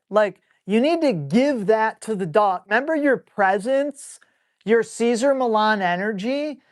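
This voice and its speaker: A blunt male dog trainer answering viewer questions live. He talks in an excitable, salty way and keeps jumping into quick acted-out asides. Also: sits high. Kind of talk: live Q&A stream.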